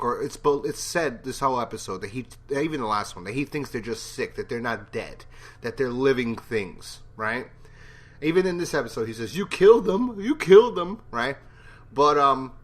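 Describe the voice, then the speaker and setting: Bright-voiced rambling man reviewing TV. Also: medium pitch. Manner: rambling, self-deprecating, jokey. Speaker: TV episode reviewer. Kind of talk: casual spoken review.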